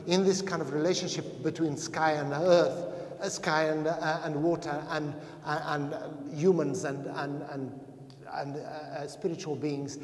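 A man giving a conference talk, telling stories loosely, often hesitating and repeating his words. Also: fairly high pitch. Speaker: panel speaker. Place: large echoey exhibition hall. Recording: roomy hall echo.

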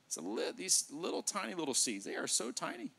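A male pastor preaching a sermon in a church, animated, joking with the congregation and acting out dialogue. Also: a little high, fairly quick, vocal fry. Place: church sanctuary.

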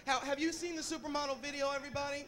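Man, drag queen, very high voice, campy, sassy, noisy live club recording. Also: level tone, rapid-fire. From Atlanta, Georgia. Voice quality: high, bubbly laugh. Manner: sassy, campy, calls people honey and baby. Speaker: drag performer addressing a club crowd. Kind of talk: live stage banter. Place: nightclub stage. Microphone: handheld stage mic.

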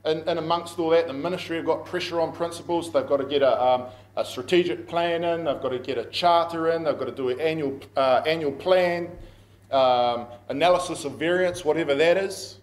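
Preaching in an echoey room, a middle-aged man with a New Zealand accent, a pastor and school principal, tells stories conversationally and laughs at himself. His voice is fairly high in pitch and a little fast.

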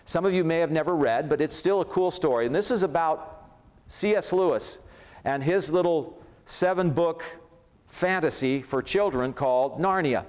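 A man preaching in a church, his voice sitting a little high for a man. He talks conversationally and builds up emphatic lists. The pace stays easy and unhurried. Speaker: pastor. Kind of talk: sermon. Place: church sanctuary.

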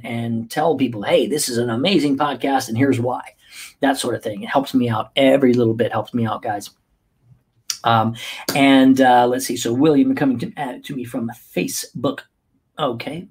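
Husky, upbeat male livestreamer. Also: mid-range voice, a little mellow. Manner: upbeat, playful, chatty, with many fillers. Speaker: podcast host and life coach. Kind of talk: casual livestream chat.

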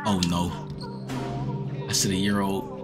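Excitable man calling his own basketball game. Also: deep voice, measured pace. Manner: excitable, swears, trash-talks, mutters to himself. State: out of breath. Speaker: gaming YouTuber. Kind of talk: live gameplay commentary. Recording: music playing under the voice.

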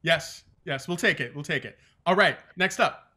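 Male game show quizmaster, upbeat, reads lyrics clearly, light bright tone. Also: a little high, moderate pace. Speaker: quizmaster host. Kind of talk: game show hosting, reading lyrics aloud.

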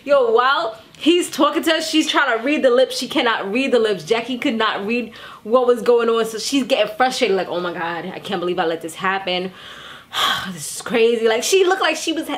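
A young woman talks straight to camera, recapping a reality show in a loose, gossipy way. Her voice sits a little high, and she keeps it lively, slipping into bits of the people she describes. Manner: chatty and animated, acts out quotes. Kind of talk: casual chat.

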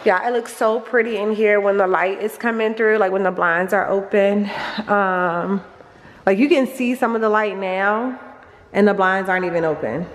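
A woman's voice: medium pitch, fairly even intonation, normal speed, slight background noise. A young woman giving a casual, gushing tour of her family's new empty house, recorded on a handheld phone, talking with lots of fillers and a little out of breath as she walks room to room. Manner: chatty, gushing, full of fillers. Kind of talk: casual home tour vlog.

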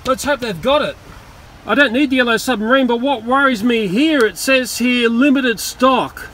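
Australian man, vlog to camera, very high voice, indignant rant, faint background noise. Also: moderate pace. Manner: animated, ranting, indignant. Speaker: vlogger. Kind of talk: casual vlog, talking to camera. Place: shopping centre, car park and store.

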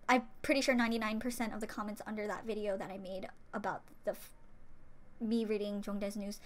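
A young woman vlogger giving an impassioned, earnest fan rant to the camera, close to tears at times. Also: on the high side. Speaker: YouTube reaction vlogger.

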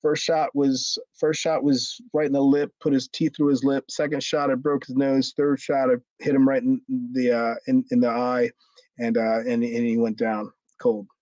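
In a casual interview, a middle-aged ex-pro wrestler narrates a story, swearing liberally and impersonating its characters. His mid-range, darkish voice is delivered flatly at a moderate pace. There's no echo, and the lo-fi recording sounds dry and a bit dull.

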